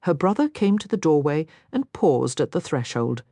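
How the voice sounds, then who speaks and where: Lively woman reading a romance novel. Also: sits low, moderate pace, no room sound, clean studio sound. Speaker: audiobook narrator. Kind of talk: scripted romance narration.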